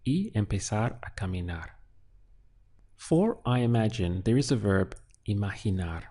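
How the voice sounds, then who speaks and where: A man teaching Spanish, calmly working through a translation step by step and thinking aloud with small pauses. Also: lowish voice. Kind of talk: unhurried lesson walkthrough while writing.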